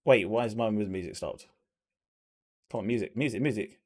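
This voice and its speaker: A man hosting a live watch-along stream, chatting excitably to his viewers. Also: medium pitch, a little fast. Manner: excitable, talks to chat.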